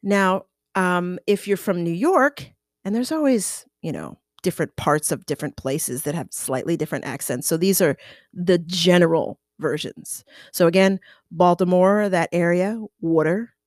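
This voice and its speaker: A woman's voice: fairly low pitch, normal speed, a little mellow, dry recording, studio quality. A woman from the United States hosting a casual solo podcast, chatty and playful, who slips into accent impressions as she talks.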